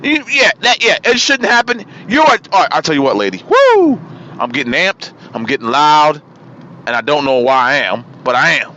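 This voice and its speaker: Fiery, high-voiced ranting male host. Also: sing-song, brisk, bright, forceful tone, muffled recording. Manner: fiery, ranting, repeats himself and names his targets. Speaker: talk show host. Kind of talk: political talk radio monologue.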